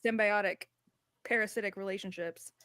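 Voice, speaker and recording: A woman chatting casually on a podcast, animated and sarcastic, with many fillers. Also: medium pitch, normal speed, dry recording. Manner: animated, mocking impressions, filler-heavy. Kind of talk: casual chat.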